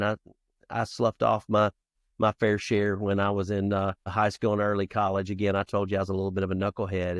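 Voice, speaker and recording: A man in his fifties speaks as a podcast guest with a fairly low voice. He tells personal stories earnestly, acting out old scenes with restarts and asides. The sound is dry and close. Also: no room sound. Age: 50s. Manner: lively storyteller who acts out childhood scenes. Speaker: podcast guest, founder and youth coach. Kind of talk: conversational storytelling interview.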